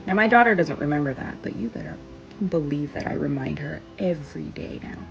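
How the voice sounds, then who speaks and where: A woman telling a personal story in an earnest, emphatic way, pausing on stressed words. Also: deep voice, animated, gravelly, muffled recording, faint music behind.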